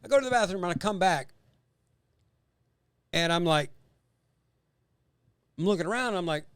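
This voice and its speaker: A man's voice: sits high, normal speed, pauses often, clear, resonant tone, no room sound, studio quality. A man co-hosting a podcast, telling casual stories with profanity and acted-out voices. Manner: animated, profane, acts out voices and sounds. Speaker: podcast co-host. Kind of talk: casual storytelling chat.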